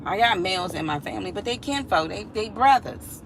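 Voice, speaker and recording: A woman's voice: mid-range voice, animated, fairly quick. Chatty woman with street noise. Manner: chatty, reflective, slips into singing. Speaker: vlogger. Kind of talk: casual talk to camera.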